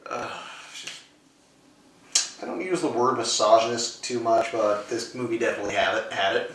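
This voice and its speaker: A man co-hosting a casual movie review chat, joking loudly. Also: medium pitch, moderate pace, heavy reverb, recorded from a distance, slight background noise, rough recording. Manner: joking, loud, lively. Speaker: co-host.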